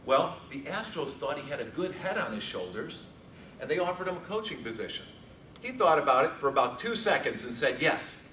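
Bright-voiced man telling a story in a hall. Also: fairly high pitch, slight background noise. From Chicago. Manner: animated storytelling with jokes. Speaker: speech contest contestant. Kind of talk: competition speech. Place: large hall before an audience. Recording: echoey hall from far off.

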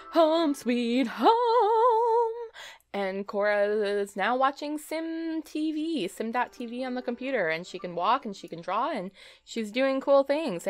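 A woman giving casual, chatty commentary while playing a game, talking to her characters, often laughing and repeating herself in exasperation. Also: medium pitch. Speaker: let's play host.

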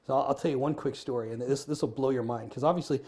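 A middle-aged man, a guest in an interview, telling stories in a lively, animated way and acting out dialogue. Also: mid-range voice, fast. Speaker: guest, former firefighter and business owner. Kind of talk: casual interview storytelling. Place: Arizona.

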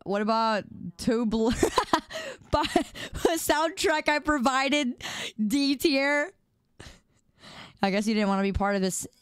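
Playful woman streamer with a crisp voice. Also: a little high, a little slow, no room sound, clean studio sound. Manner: playful, repeats words in a sing-song drawl. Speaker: livestreamer. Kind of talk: casual live-stream chat.

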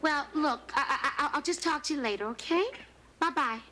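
A woman's voice: high-pitched, background noise, natural voice. An actress in a sitcom playing a bossy, teasing woman who meddles in her friend's life, with a studio audience laughing. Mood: fussing. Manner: bossy, teasing, quick banter. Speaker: sitcom lead. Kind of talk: sitcom acting.

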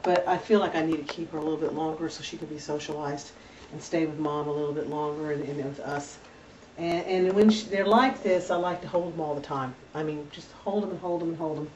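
A chatty, doting woman with a slightly low voice gives a casual home video tour, full of fillers and restarts. She sounds a bit off-mic, with dull, muffled camera audio and a faint hiss of room ambience behind her. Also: a little fast, darkish tone, distant mic. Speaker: dog breeder. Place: indoors at home with puppies. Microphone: camera held by a helper.

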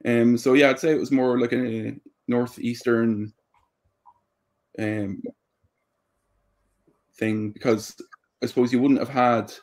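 A young man with a Drogheda Irish accent, a podcast guest talking through history in a thoughtful way with many pauses. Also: medium pitch, little pitch movement, a little mellow. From Ireland. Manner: thoughtful, explains at length with many ums. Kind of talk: casual interview chat.

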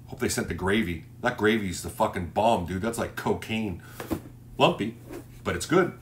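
A man's voice: lowish voice, expressive, moderate pace, slight background noise. A man hosting a livestream roast, brash and mocking, cursing constantly. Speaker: livestream host. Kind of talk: profane roast livestream chat.

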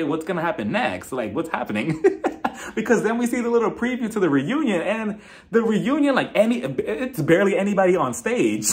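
A young man casually reviewing a reality show episode on his vlog, gossipy and quick to laugh, often slipping into impressions of the cast. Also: a little high. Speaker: TV recap reviewer.

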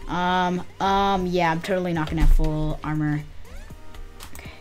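A woman giving casual gameplay commentary, muttering to herself with excitable outbursts. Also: lowish voice, normal speed, faint music behind. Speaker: gamer.

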